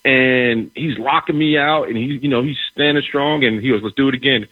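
Husky-voiced man telling a story. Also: mid-range voice, a little fast, dry recording, narrow, tinny audio. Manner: animated, repeats words, acts out quoted dialogue. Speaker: former pro football player, guest. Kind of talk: casual storytelling.

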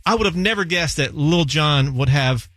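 A man hosts a weekend radio countdown show in an upbeat, polished presenter manner. His voice sits a bit high, and it is picked up on a close, dry studio mic. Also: expressive, moderate pace, fairly bright tone, no room sound, faint music behind. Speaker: radio host. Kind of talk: radio show hosting and interview.

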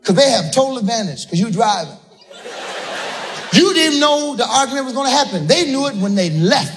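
A man doing a stand-up comedy set, exasperated, shouting his punchlines and laughing through them. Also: extremely high pitch, very animated, brisk. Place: comedy club stage. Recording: live club audio with crowd noise. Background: audience laughter.

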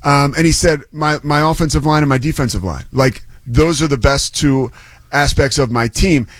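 A man's voice: fairly high pitch, steady tone, normal speed, no echo. A man who works as a play-by-play broadcaster, talking college football as a guest on a sports radio show, chatty and enthusiastic. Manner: chatty, enthusiastic, loose with fillers. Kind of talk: sports talk radio banter.

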